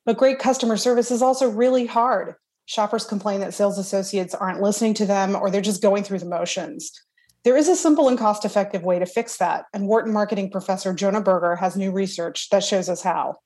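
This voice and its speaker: A woman hosts a podcast. She reads a scripted introduction and asks interview questions in a clear, even, measured tone. Her voice sits at a mid pitch. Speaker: podcast host.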